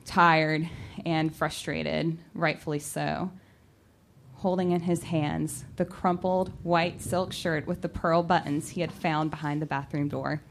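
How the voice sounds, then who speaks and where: A young adult woman telling a personal story, animated and acting out her own shouting. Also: low voice, slight background noise. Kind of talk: personal story told to an audience.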